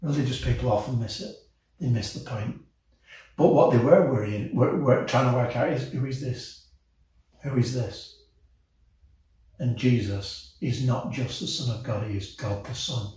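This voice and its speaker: A man preaching a sermon with passion, swelling to emotional peaks and dropping low and soft. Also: normal speed. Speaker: pastor. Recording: very echoey, from a distance.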